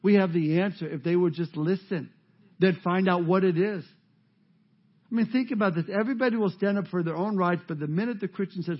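Emphatic high-voiced preacher, muffled audio. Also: male voice, fairly quick. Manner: emphatic, rising to loud peaks. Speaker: pastor. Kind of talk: sermon.

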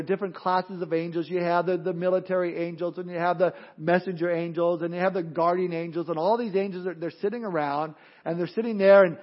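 Male pastor, high-pitched, emphatic sermon delivery, muffled lo-fi audio. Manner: earnest, emphatic, repeats words in restarts.

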